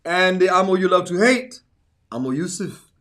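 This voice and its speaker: A man's voice: high voice, animated, normal speed, a bit bright. A man hosting a podcast in casual, joking group chat. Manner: playful, laughing, jokey. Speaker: podcast host.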